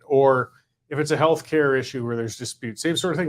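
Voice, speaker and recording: Fast-talking panelist man. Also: mid-range voice. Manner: rapid, animated, acts out imagined quotes. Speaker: panelist and columnist. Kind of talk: casual political panel discussion.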